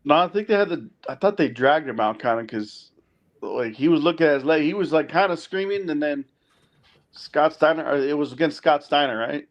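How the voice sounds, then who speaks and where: A man's voice: on the high side, a little fast, lo-fi sound. A man in casual chat, hesitant and correcting himself with frequent fillers.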